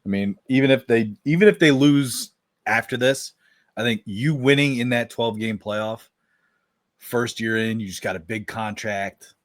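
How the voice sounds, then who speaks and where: A man's voice: medium pitch, a little slow, dry recording, clean studio sound. A man co-hosting a sports podcast, easygoing, moving the talk from game to game. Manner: easygoing, leads the segments. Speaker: podcast co-host. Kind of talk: casual sports chat.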